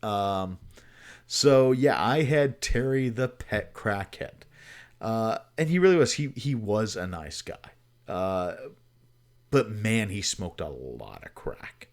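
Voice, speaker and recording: A man hosts a livestream and tells a long, casual story, rambling through fillers and swearing freely. His voice sits somewhat low. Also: animated, takes it slowly. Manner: rambling, profane, with many fillers. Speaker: livestream host.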